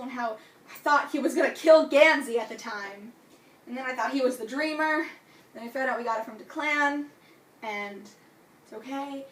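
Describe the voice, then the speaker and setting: A young adult woman reviewing a book in casual vlog talk, gushing and excitable, full of "like" and "you know". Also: sits high. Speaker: book vlogger. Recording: echoey room, distant from mic.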